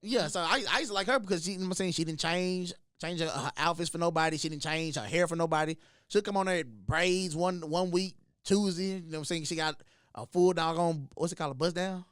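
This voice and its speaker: A man's voice: a little high, quick pace, smooth, dry recording, studio quality. A man, a podcast host chatting casually and telling stories with repeated restarts. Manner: animated storytelling with repeated restarts. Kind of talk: casual chat.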